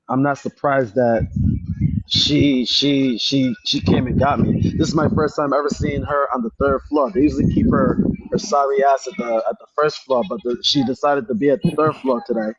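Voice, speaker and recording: A man in a library venting on a phone livestream, telling a story with lots of repetition and getting loud when upset. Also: medium pitch, fairly even intonation, normal speed, breathy edge, no room sound, lo-fi sound. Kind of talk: casual livestream chat. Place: public library.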